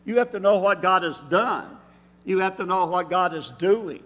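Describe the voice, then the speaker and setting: A man filling in as preacher, giving a measured, explanatory sermon with pauses in a church sanctuary. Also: high voice, fairly bright tone. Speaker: substitute preacher. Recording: reverberant church hall.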